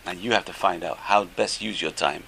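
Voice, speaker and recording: A middle-aged or older man, a rabbi teaching a class, tells stories in an animated way with many rhetorical questions. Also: deep voice, normal speed, vocal fry, noisy background. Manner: animated, rhetorical questions, stretches key phrases. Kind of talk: Torah class storytelling.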